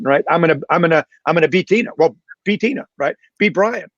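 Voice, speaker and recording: A man's voice: a little high, fast, no echo, lo-fi sound. A man who is a guest on a video-call panel and talks about self-doubt. He is candid and reflective, with some self-deprecating humor. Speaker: panel guest, real estate leader.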